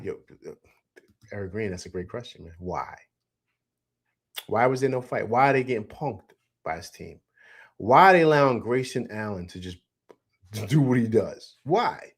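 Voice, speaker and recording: A man's voice: medium pitch, moderate pace, husky. A middle-aged man hosting a live postgame sports show, emphatic and repetitive as he reads out comments and answers them. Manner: animated, emphatic, repeats himself, reads chat comments aloud.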